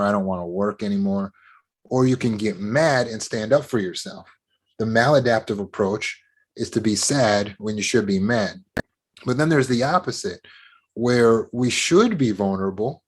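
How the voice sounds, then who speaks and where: A man's voice: lowish voice, breathy edge. A man giving an earnest, explanatory talk on depression and trauma recovery, now and then acting out short quotes. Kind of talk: educational talk to camera.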